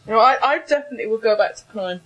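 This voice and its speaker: A woman's voice: on the high side, quick pace, a bit bright, highs cut off. A woman hosting a comedy panel, chatty and hesitant, with plenty of ums. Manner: chatty, hesitant, self-mocking. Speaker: host.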